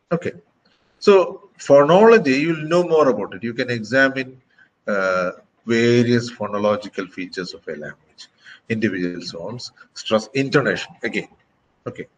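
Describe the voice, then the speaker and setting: A man giving a classroom lecture, speaking slowly and deliberately, with frequent fillers and check-ins. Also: fairly low pitch, breathy edge, rough recording. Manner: slow, deliberate, frequent "okay" and "uh".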